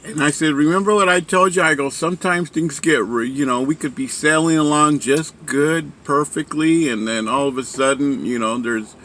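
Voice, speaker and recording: Man, casual storyteller, bright voice, rambling with fillers, faint hum behind. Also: mid-range voice. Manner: rambling, many fillers and restarts. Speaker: speaker sharing a story.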